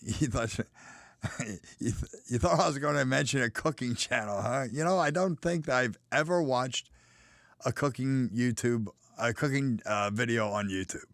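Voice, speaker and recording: A man's voice: mid-range voice, moderate pace, gravelly, a bit bright, no room sound, clean studio sound. An American man hosting a live stream and chatting casually through viewer comments, with frequent fillers and restarts. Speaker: host.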